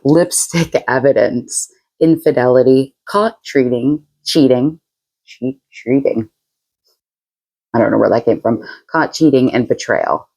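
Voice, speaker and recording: A woman's voice: a bass voice, measured pace, gravelly, a little mellow, rough recording. Chatty, frank woman reading tarot. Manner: chatty and frank, laughs often, blunt slang. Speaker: tarot reader. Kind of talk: casual tarot reading to camera.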